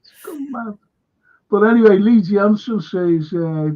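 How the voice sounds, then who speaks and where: A man's voice: sits high, lively intonation, unhurried, dull audio. A man with a Liverpool accent hosting a live history stream, chatty, jokey and a bit flustered by tech trouble. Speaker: host of a live history show. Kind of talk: casual live-stream chat.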